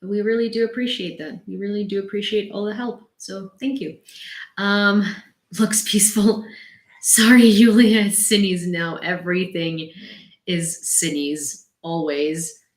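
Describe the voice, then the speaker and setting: A young Ukrainian woman hosting a casual live stream, chatty and quick to laugh. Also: mid-range voice, roomy sound, rough recording. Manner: chatty, laughs often, talks to her dog. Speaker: host of a live news stream. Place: home room.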